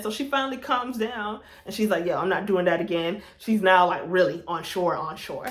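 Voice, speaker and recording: A young woman telling a casual storytime to her camera, animated and laughing through it. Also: medium pitch, a little fast, hardly any pauses. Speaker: vlogger. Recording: roomy echo.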